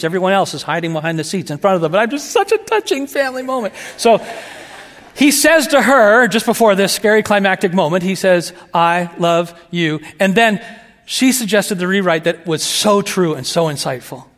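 A man preaching a sermon, animated, moving between excited asides and soft, hushed emphasis. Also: high-pitched, in a large hall. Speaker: pastor.

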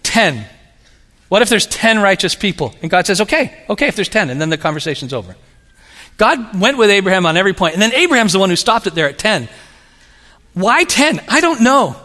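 A man preaching a sermon, telling stories in an animated, humorous way. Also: high voice, fairly quick. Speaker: pastor. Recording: long reverb of a large hall.

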